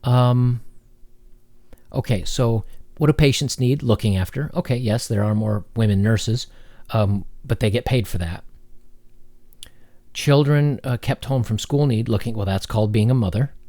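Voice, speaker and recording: A man hosting a commentary video, reading an article aloud and mocking it sarcastically, with halting fillers. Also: mid-range voice, dark tone, no room sound. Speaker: commentary channel host.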